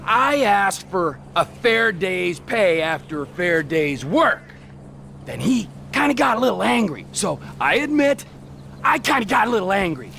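A volatile middle-aged criminal in a video game, erratic and foul-mouthed, lurching from snarling shouts to hushed mocking taunts. The voice sits high and gravelly with a sharp, bright edge. Its pitch leaps all over. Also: male voice, big pitch swings, a little slow, a little hiss or hum, heavily acted. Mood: sarcastic. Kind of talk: video game cutscene dialogue.

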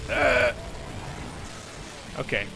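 A young man giving excitable gameplay commentary, swearing and shouting at the game. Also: extremely slow, music in the background. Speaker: gaming commentator.

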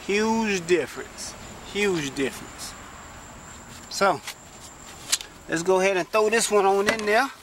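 A man's voice: sits high, takes it slowly, long pauses, noisy background. A man doing a casual how-to car repair vlog, chatty and exclaiming often as he talks straight to viewers while working inside a parked car. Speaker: vlogger.

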